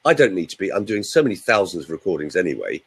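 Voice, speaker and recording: An older man with a slightly husky voice talks through his stories, his pitch rising and falling a lot. He is chatty and lively, a voice coach chatting casually with an online audience. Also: quick pace, rough recording. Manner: chatty, animated storyteller. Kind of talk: casual webinar chat.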